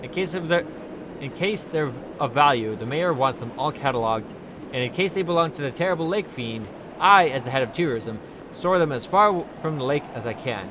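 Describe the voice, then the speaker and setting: A man reads game dialogue aloud, voicing a cheerful, scatterbrained female tourist officer who rambles in an overly formal way and sounds flustered. His voice is fairly high, expressive and a bit quick, close to how he normally talks, with some background noise.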